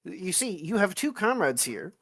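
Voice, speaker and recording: A man's voice: high-pitched, sing-song, normal speed, creaky, fairly bright tone, breathy edge. A man playing a pedantic political officer. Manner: formal, pedantic, debating. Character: stern male political officer, lecturing comrades. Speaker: tabletop role-play player. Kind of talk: in-character role-play chat.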